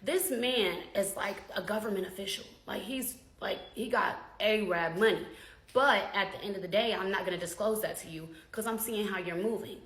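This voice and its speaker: A woman vlogger telling a story in a chatty, slangy, animated way. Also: medium pitch, normal speed, reverberant, rough recording. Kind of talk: casual storytime.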